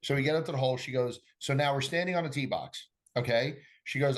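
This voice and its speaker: A middle-aged golf coach with a mid-range voice talks fast and casually on a podcast. He's an animated storyteller, acting out the conversations in his stories.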